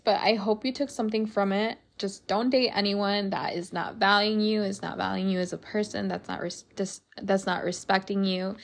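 A woman's voice: mid-range voice, gravelly. Chatty, swearing young woman podcaster. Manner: candid, swears freely, chatty with many fillers. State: out of breath. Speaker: podcast host. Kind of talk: casual solo podcast chat. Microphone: podcast mic, partly faulty.

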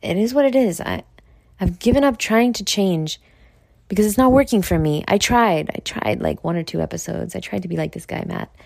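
A woman's voice: medium pitch, lively intonation, fairly quick, gravelly, darkish tone, no echo, studio quality. A woman from New York with a New York accent, hosting a podcast in a blunt, profane, rambling monologue that drops now and then into near-whispered asides. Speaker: podcast host. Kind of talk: casual monologue.

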